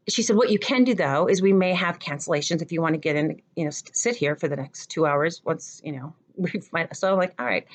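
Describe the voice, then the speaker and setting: A middle-aged woman, a theater professor, telling a personal story and acting out the dialogue with animated jumps in her voice. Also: lowish voice.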